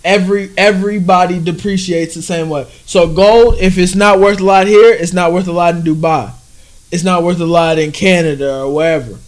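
A man co-hosting a casual chat podcast, animated and joking, slipping into quoted voices. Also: high-pitched, normal speed. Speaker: podcast co-host.

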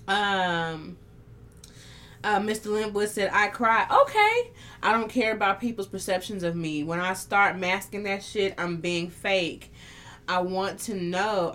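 Bright-voiced woman hosting candid chat. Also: medium pitch. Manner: candid, emotional, swears freely. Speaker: host of a live talk show. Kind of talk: casual live-stream chat reading comments.

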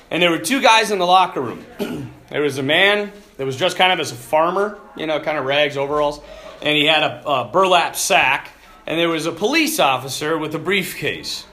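A man delivers a relaxed, conversational sermon, spinning a story with fillers and frequent throat clearing. His voice sits a little higher than most men's. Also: normal speed. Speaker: preacher.

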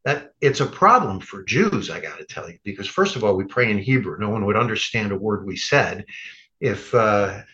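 A man's voice: lowish voice, animated, moderate pace, sharp tone, dull audio. A man who is a rabbi, a guest on a podcast, telling stories in a wry, conversational way and acting out quoted lines. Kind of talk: conversational storytelling.

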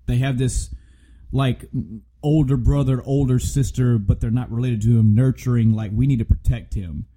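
A man co-hosting a podcast, retelling a game story in a casual, animated way with plenty of swearing and restarts. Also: mid-range voice, moderate pace, rough recording. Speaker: podcast co-host.

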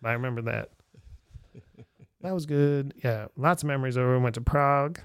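A middle-aged man with a mid-range, clean voice talks a little fast as he recalls old travels on a podcast, chatting casually with a friend in an indoor room. He's an animated storyteller who acts out the voices of the people he quotes and leans heavily on "like" as a filler.

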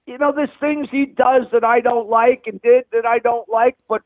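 Man, very high voice, blunt rambling comic storyteller, tinny phone line. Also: fairly even intonation, moderate pace, no echo. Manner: blunt, rambling with frequent restarts. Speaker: comedian guest. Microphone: telephone.

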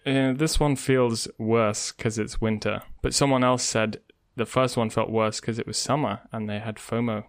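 A man's voice: mid-range voice, steady tone, normal speed, few pauses. A man co-hosting a casual podcast, hesitant and often repeating his words. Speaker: podcast co-host.

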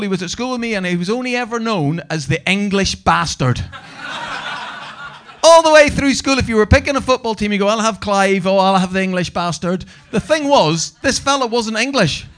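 With a little hiss or hum in the recording, a Northern Irish stand-up comedian works a comedy venue stage in a high, slightly bright voice. His live set is brash and sweary, and he teases the audience.

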